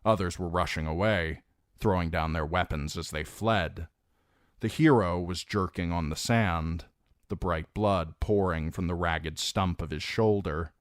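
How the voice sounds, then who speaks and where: A man reading a fantasy novel aloud as an audiobook narrator, in measured, dramatic storytelling. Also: low-pitched, no room sound, studio quality. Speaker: audiobook reader.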